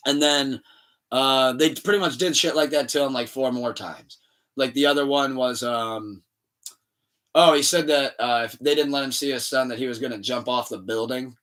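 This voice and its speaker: A man in casual podcast chat, recounting a story and slipping into the voices of the people in it. His voice sits at a middle pitch, and he is heard from a little way off the microphone. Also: moderate pace, distant mic. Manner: animated storytelling, acts out quoted dialogue. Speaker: podcast co-host. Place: room shared with co-host.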